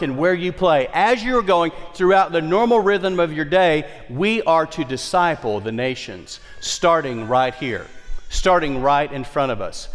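A male pastor preaching a sermon with emphatic delivery and wide swings in pitch and loudness. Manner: emphatic preaching, repeats key phrases, dynamic swings in pitch and volume. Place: large church worship center. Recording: long hall reverb.

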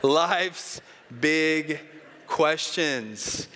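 Slow, bright-voiced preacher telling a joke. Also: male voice, fairly high pitch, in a large hall. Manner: animated, dramatic storytelling. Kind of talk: sermon storytelling.

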